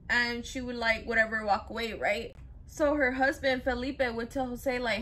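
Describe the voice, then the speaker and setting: A woman's voice: fairly high pitch, steady tone, normal speed, bright, forceful tone. A young woman casually retelling a true crime story, chatty and loose, full of fillers, briefly acting out what people said. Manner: chatty, filler-heavy, acts out quotes loosely.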